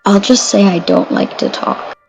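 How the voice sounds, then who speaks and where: A woman playing a tabletop game on a voice call, quiet and halting, often giggling. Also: mid-range voice, vocal fry, music in the background, poor audio. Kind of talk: casual game chat.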